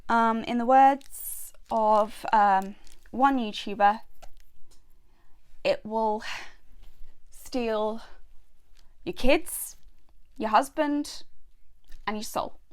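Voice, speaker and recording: Woman rambling while she crafts, slow unhurried talk, lots of ums and little laughs. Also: on the high side. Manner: chatty, rambling, with many fillers and laughs. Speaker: crafting vlogger. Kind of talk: casual chat while crafting.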